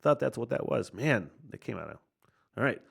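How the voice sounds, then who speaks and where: A man hosting a podcast, reacting casually to a punk album, excitable and swearing often. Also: mid-range voice, moderate pace, creaky, husky. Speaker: podcast host reviewing an album.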